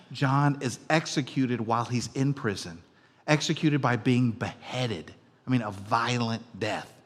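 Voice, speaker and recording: A middle-aged male pastor preaches in a conversational, storytelling way, his voice rising loud and then sinking to a hush. His medium voice carries a long reverb from the church hall around him. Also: mid-range voice. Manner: conversational storytelling, swinging between loud and hushed. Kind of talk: sermon. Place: church auditorium.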